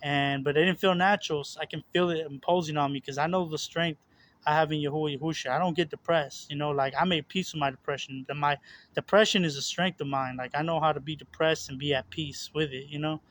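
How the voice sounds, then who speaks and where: A young man who hosts religious videos talks earnestly and casually about his spiritual struggles in a fairly high, steady, slightly bright voice at a quick pace. His confessional rambling is full of repeated words, fillers, and restarts.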